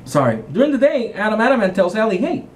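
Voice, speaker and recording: A man who is a game master, casually recapping a tabletop roleplaying session in a rambling, animated way with frequent restarts. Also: high voice, fast talker, slight background noise.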